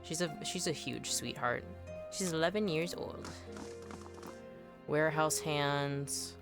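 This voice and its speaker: A game streamer chatting casually during live gameplay, excitable and gushing, often trailing off and restarting. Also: mid-range voice, slow pace, over music.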